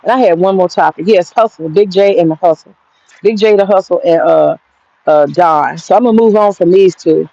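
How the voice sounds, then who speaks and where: A woman's voice: on the low side, normal speed, gravelly, mellow, no echo, dull audio. A woman vlogger in her garden rants bluntly and profanely at her viewers. She rambles and speaks straight to them. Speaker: vlogger giving commentary. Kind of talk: casual rant to viewers. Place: outdoor garden.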